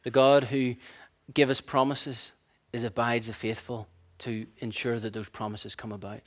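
Speaking at a moderate pace in a mid-range voice, a preacher delivers a lively sermon full of stories. He acts out voices and laughs at his own tales.

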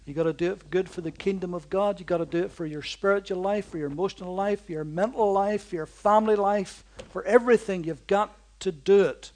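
Preaching in a voice that sits high, a man alternates loud bursts with slow, hushed lines. Rhythmic repetition drives each point of his sermon home.

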